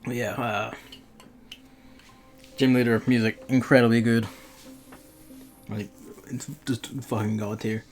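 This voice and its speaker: A man's voice: mid-range voice, level tone, slow pace, pauses often, soft background music. A man chatting offhand and swearing while streaming a mobile game. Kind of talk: casual gaming stream chat.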